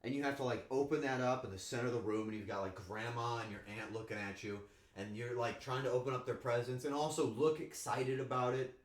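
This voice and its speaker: A man's voice: mid-range voice, fast talker. A man casually chatting with his viewers on a cooking stream, playful and joking. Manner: playful, joking with chat, animated outbursts. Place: home kitchen. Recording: echoey room, faint ambience.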